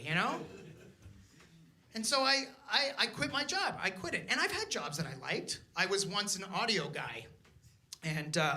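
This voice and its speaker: A young man from Canada doing a stand-up comedy set, telling stories with acted-out voices. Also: very high-pitched. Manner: animated storytelling with acted-out voices. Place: comedy club stage. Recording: live club recording with crowd. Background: audience laughter.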